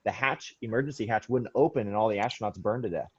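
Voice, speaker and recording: A man's voice: lowish voice, quick pace, husky. Rambling male teacher, dull classroom recording. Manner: rambling, self-correcting, quizzes students. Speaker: history teacher. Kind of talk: classroom lecture with questions.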